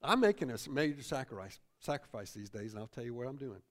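A man's voice: mid-range voice, lively intonation, quick pace. A middle-aged man preaching a sermon as pastor in a church, repeating phrases and ending points with "see?".

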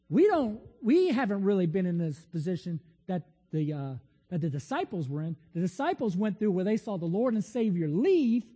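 A man's voice: sits high, dark tone, long reverb tail. A man preaching a sermon in a conversational, storytelling way with frequent restarts.

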